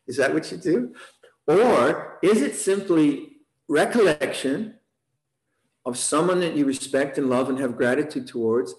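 Echoey, chuckling man giving a meditation talk. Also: fairly high pitch. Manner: relaxed, chuckles often, repeats words as he thinks. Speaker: meditation teacher. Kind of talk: dharma talk. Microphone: online session.

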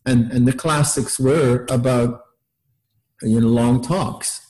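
A man's voice: mid-range voice, fairly even intonation, takes it slowly, mellow, low-quality recording. An older man giving a casual meditation talk, laughing often, repeating words and acting out little quotes in a raised voice. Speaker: meditation teacher. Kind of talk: dharma talk.

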